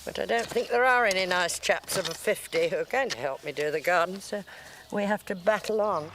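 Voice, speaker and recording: A woman's voice: on the low side, fairly quick, background noise. An older woman telling family stories in a documentary interview, chatty and dryly humorous. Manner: chatty, anecdotal, dry humour. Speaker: mother of a farmer.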